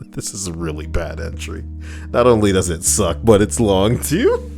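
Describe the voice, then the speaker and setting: A man hosts a comedic reading, dropping sarcastic, rambling asides between story lines. His voice sits deep and low, with faint guitar music behind him. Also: sing-song, moderate pace, darkish tone. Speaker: host reading and reacting to online stories.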